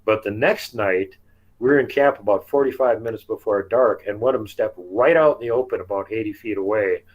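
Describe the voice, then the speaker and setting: Chatty man with a lowish voice. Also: brisk, rough recording. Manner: chatty, laughs often, acts out quotes. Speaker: guest telling field encounters. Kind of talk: casual storytelling interview.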